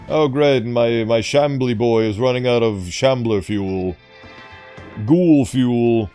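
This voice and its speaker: A man's voice: medium pitch, slow pace, mellow, faint music behind. A man giving casual gameplay commentary with theatrical, mock-grand asides. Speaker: gaming YouTuber.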